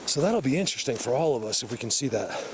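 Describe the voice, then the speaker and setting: A man filming an outdoor walking vlog in the woods, out of breath from a climb, talking excitedly and rambling straight to his viewers on a handheld camera. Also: medium pitch, fast, background noise. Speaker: outdoor vlogger.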